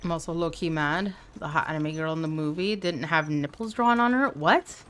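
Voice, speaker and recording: A woman with a deep, slightly bright voice talks at a normal speed over faint background noise. She is live-streaming a video game, chatting casually with viewers, reading their messages aloud and tossing in playful asides.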